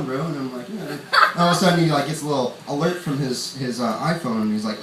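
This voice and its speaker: Here's a young comic from upstate New York on a club stage, rambling through his set and chuckling at his own jokes. His medium-pitched voice moves fast, and the distant mic picks up a roomy club sound and the audience.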